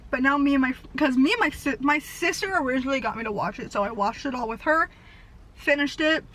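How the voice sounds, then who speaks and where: A young woman in her twenties rambles to camera from inside a car. Her high, bright voice races through stories, full of "like" and sudden exclamations. A faint hum of noise sits behind her. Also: low-quality recording. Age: 20s. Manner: fast, animated storytelling with frequent "like". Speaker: vlogger. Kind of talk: casual rambling chat. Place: parked car.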